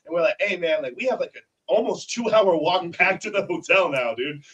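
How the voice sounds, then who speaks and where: Talkative wrestler, off-mic, dull sound. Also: male voice, high-pitched, animated, fairly quick, fairly bright tone, far from the mic. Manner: talkative storyteller. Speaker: wrestler and tag team member. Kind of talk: casual interview chat.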